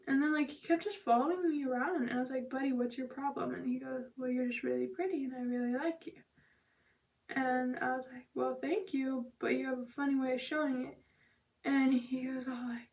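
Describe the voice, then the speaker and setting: Chatty high-voiced young woman vlogger. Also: fairly even intonation, brisk, distant mic. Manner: chatty, heavy use of "like" and "blah blah", whispers quoted asides. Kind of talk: casual storytelling.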